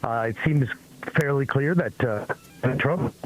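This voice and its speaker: A man giving broadcast news analysis in a measured, slightly hesitant way. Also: mid-range voice, a little hiss or hum. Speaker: news commentator. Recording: dull broadcast audio.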